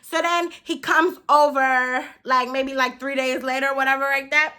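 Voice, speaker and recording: A young woman, telling a story in a casual, profane, animated way while doing her makeup. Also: sits high, normal speed. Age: 20s. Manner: animated, profane, laughs often, acts out her own quotes. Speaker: beauty vlogger.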